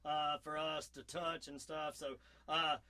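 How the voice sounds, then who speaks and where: Southern male talk-radio host, high bright voice, folksy, loose, filler-heavy. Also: flat delivery, unhurried. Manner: folksy, rambling, with many fillers and restarts. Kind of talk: casual radio talk show.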